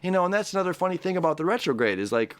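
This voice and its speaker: A man hosting his own astrology channel, talking to his camera in a rambling, animated way full of "you know"s and restarts. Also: sits high, very fast. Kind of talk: casual motivational talk to camera. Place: his own recording spot, seated. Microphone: camera setup he operates himself.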